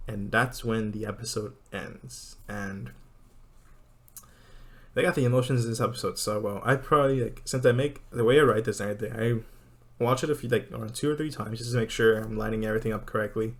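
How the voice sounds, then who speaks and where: A man hosting a casual anime recap, excited and rambling, who laughs often. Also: fairly low pitch, fairly quick.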